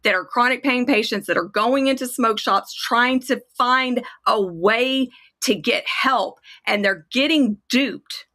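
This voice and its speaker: In an unhurried, sharp-toned voice that's a little high, a kratom advocate on a livestream vents with hardly any pauses. The casual chat turns into an angry, profane rant as she gets worked up.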